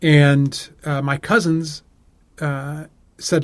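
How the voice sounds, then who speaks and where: A man co-hosting a podcast, telling a personal story in a halting, reflective way with many restarts. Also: on the high side, no room sound. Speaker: podcast co-host. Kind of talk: casual conversation, personal story.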